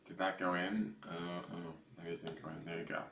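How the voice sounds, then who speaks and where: A man's voice: deep voice, level tone, a little fast, fairly bright tone, a little hiss or hum. A man giving a casual livestream tarot reading, rambling and chatty with some swearing, recorded on a camera mic. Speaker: tarot reader. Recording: echoey room.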